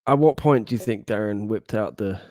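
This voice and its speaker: Low mellow South East London man. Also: fairly quick, dry recording. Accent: South East London English. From South East London, England. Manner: chatty, laughs easily, reads comments aloud. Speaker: podcast co-host. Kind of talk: casual chat reading viewer comments.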